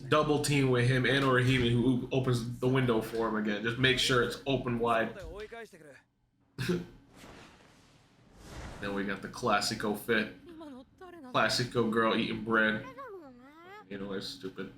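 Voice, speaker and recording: Excitable, profane young man reacting to anime. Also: mid-range voice, a little slow, long pauses. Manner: excitable, profane, laughing, mocking the characters in put-on voices. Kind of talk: casual reaction commentary. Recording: echoey room.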